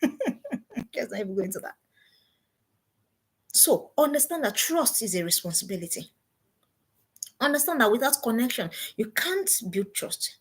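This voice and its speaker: Middle-aged female parenting coach, breathy and a touch high, insistent and repetitive in delivery. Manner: emphatic, repeats key phrases as commands. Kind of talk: motivational seminar talk.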